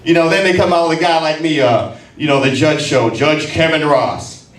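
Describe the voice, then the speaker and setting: A man's voice: on the high side, moderate pace. A man in his forties doing a brash, profane, mocking stand-up routine on a comedy club stage. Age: 40s. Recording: echoey club sound from a distant mic.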